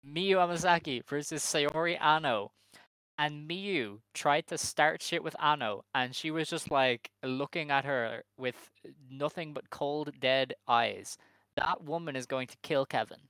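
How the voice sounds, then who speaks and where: A man co-hosting a podcast talks through the week in loose, wry, rambling chat, stopping often on fillers. His voice is bright and smooth, and the sound is dry and close. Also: fairly high pitch, a little slow, no echo, poor audio. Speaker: podcast co-host.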